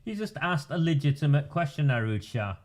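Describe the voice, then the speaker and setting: A man's voice: a little high, sing-song, brisk. Indignant man commentating. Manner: indignant, repeatedly calling out names. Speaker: political commentator. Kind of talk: commentary over council meeting footage.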